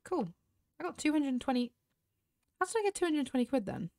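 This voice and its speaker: A woman's voice: high voice, big pitch swings, fast talker, a little mellow, dry recording, clean studio sound. A British woman chatting casually to her viewers while playing a horse game, asking questions and musing aloud. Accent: British English. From Britain. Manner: chatty, talks straight to viewers. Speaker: gaming YouTuber. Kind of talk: casual gameplay commentary.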